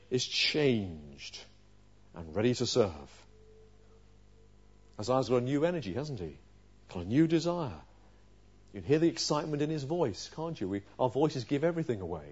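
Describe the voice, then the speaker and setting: A man preaching an expository sermon. He puts questions to his listeners and moves from loud, stressed phrases to quiet asides. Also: mid-range voice, husky. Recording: dull lo-fi sermon recording.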